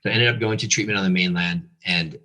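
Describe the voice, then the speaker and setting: A man who is a pastor gives an earnest, confessional personal testimony as a guest, halting now and then with fillers. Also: deep voice, bright, forceful tone.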